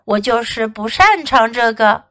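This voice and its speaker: A woman hosting a children's English lesson, encouraging and sing-song, repeating phrases slowly. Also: on the high side, lively intonation, bright, forceful tone, dry recording. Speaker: English teacher and podcast host.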